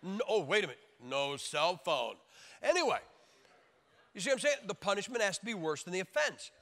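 A high, lively male voice delivers a joking, emphatic sermon and swings widely in pitch. His bright, forceful tone rings out through the long reverb of a large hall. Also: fairly quick. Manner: emphatic, joking, acts out crying babies in high shouts. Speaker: preacher.

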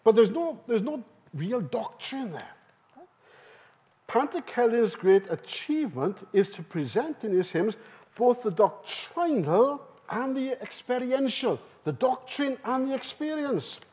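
A man with a high, bright-pitched voice that swoops up and down as he leads a seminar. He takes his time and draws out key phrases. He keeps turning questions back to the people in the room. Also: a little slow. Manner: lively, emphatic, asks the audience questions. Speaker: seminar speaker. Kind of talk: conference seminar talk. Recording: live talk in a hall.

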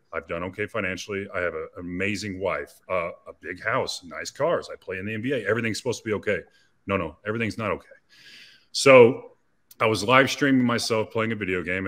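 A man in his thirties speaks as an interview guest, earnest and confessional, often restarting his sentences. His voice sits low but rings bright and forceful. He tells a personal story candidly.

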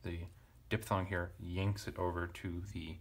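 A man teaching ancient Greek grammar at a relaxed pace, thinking aloud and correcting himself with casual asides. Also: low-pitched, a little slow. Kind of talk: relaxed verse-by-verse parsing lesson.

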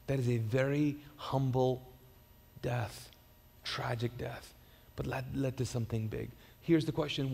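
A man's voice: medium pitch, gravelly. Conversational male pastor in a reverberant hall. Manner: conversational, repeats words and restarts, storytelling. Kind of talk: sermon. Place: church auditorium.

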